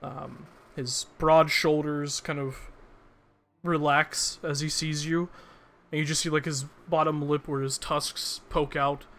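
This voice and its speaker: Bright-voiced man as game master. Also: a little high, level tone, takes it slowly. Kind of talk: narrating a tabletop game.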